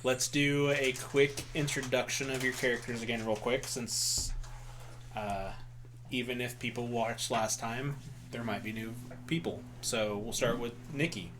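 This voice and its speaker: A man's voice: mid-range voice, steady tone, a little slow, noisy background. A man hosting and running a tabletop game stream, talking loosely and joking, tripping over his words now and then. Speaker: dungeon master. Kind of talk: casual stream banter.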